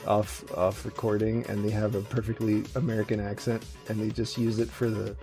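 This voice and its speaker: Gravelly low-voiced dude rambling on a radio show, lotsa ums, faint music under it. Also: male voice, flat delivery, fairly quick, warm tone. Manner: rambling, swearing, many fillers and restarts. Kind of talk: casual chat.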